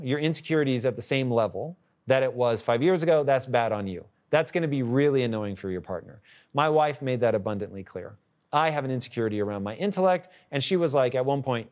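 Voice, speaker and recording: Man, podcast host, blunt, emphatic, casual swearing, mid-range pitch. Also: darkish tone. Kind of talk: candid advice talk.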